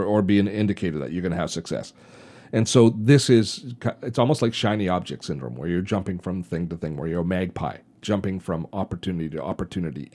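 A man's voice: on the low side, mellow. A man hosting a solo podcast, giving earnest business advice with frequent restarts. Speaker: podcast host.

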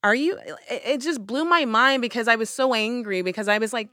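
Animated woman telling a personal story. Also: fairly high pitch, a little fast, hardly any pauses, dry recording, clean studio sound. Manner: animated, acts out her own past lines. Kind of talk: casual storytelling.

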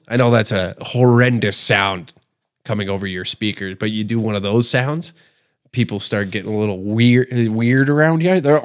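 A man's voice: mid-range voice, moderate pace. A man from Canada hosting a comedy podcast, ranting in a rambling, sarcastic, profane way with many restarts. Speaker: podcast host.

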